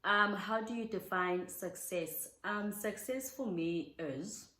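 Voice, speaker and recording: A woman's voice: medium pitch, slow, sharp tone, echoey room, low-quality recording. A young South African woman chatting heartfelt and casual as she answers viewer questions, slipping in Zulu words. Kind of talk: casual Q&A chat.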